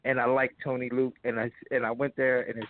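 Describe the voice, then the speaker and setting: A man's voice: medium pitch, little pitch movement, fast. Man on a tinny phone line. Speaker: guest, former fighter and actor. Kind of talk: casual phone interview.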